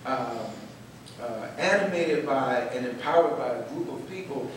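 A man telling a story with passion, animated and emphatic, stressing his words by repeating them. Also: mid-range voice, moderate pace. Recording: echoey room, from far off, faint noise.

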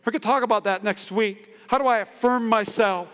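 A male pastor preaching a lively, humorous sermon in a church, acting out the quoted voices of everyday people. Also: sits high, fairly quick, clear, resonant tone. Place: church sanctuary. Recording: long hall reverb in a church.

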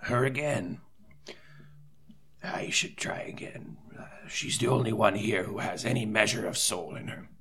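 A man playing an earnest cleric at a tabletop game, soft-spoken and measured, with pauses. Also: fairly low pitch, creaky, whispered. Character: earnest male cleric recruiter. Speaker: player voicing a cleric. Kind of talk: tabletop role-play in character.

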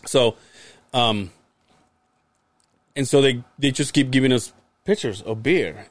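This young podcast host is slow-paced and medium-pitched, recorded with no room sound. He animatedly recounts a casual story, performing the other people's lines and cursing a lot.

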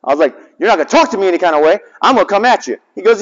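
A man in his forties, a chaplain giving a sermon, telling a story with big swings between loud and soft. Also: high voice, sing-song, racing, few pauses. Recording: dull sound with long hall reverb.

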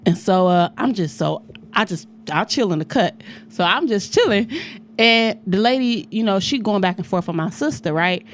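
A woman's voice: medium pitch, expressive, moderate pace, slight background noise. A woman on a casual podcast chat, telling brash, profane stories with lots of animation. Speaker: podcast host.

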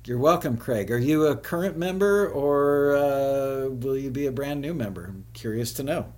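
A man hosting a live web show, chatting casually with viewers, often laughing and spelling things out slowly. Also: mid-range voice.

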